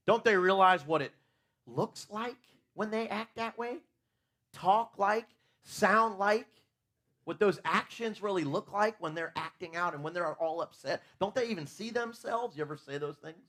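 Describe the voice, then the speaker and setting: A man's voice: high voice, a bit bright. A man preaching a conversational sermon in a church, asking his listeners questions and talking openly about his own faults.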